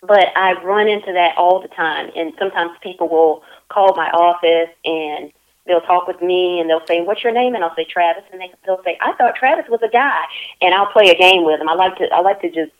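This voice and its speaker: A woman's voice: fairly low pitch, fairly even intonation, brisk, muffled recording. A woman interviewing someone over the phone, playful and teasing, laughing often.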